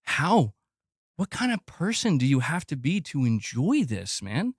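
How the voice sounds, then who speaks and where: A man hosting a gaming channel livestream, ranting in an exasperated, profane way that repeats itself and climbs in pitch as he gets worked up. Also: big pitch swings, unhurried, husky, no room sound, clean studio sound. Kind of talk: livestream rant reading chat.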